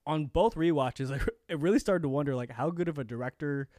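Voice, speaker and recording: A man's voice: on the high side, fairly quick, darkish tone, no room sound, studio quality. A man co-hosting a podcast in casual chat, rambling with frequent restarts. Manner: rambling, restarts often, laughs. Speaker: podcast co-host.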